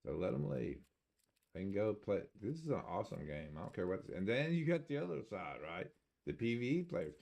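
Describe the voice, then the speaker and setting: A man's voice: on the low side, very animated, normal speed, vocal fry, a little mellow. An older man streaming a video game, chatting casually in a rambling, folksy way and chuckling to himself. He mentions having an accent. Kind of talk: casual live-stream chat.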